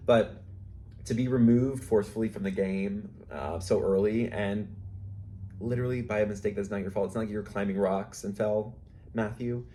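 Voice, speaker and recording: A man's voice: lowish voice, steady tone, normal speed, mellow, slight background noise. A young adult man hosting a casual recap, chatty, with many fillers and asides. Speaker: host.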